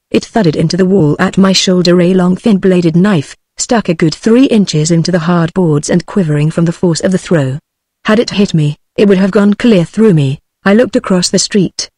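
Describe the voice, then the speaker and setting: A woman's voice: lowish voice, dark tone, no room sound. Synthetic British woman narrator, dry. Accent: British English. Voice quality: synthetic, evenly paced. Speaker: audiobook narrator. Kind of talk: text-to-speech book reading.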